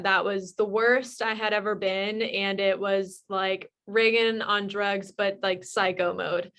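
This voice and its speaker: A young woman tells her own recovery story in an open, unguarded way. She speaks candidly and with feeling, often pausing on small fillers as she gathers her thoughts. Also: medium pitch, pushed and bright. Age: young adult. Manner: candid, emotional, many fillers. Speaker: guest sharing recovery story. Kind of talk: personal testimony.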